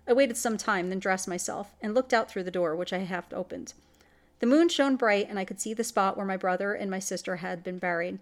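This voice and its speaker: A woman reading a classic gothic horror story aloud in scripted narration, with dramatic delivery. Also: mid-range voice. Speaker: story reader.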